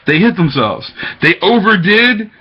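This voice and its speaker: Jumping from topic to topic, a man gives an agitated, rambling talk to his webcam in a high-pitched, slightly rough voice that's very animated yet unhurried. Dull lo-fi audio from the webcam microphone.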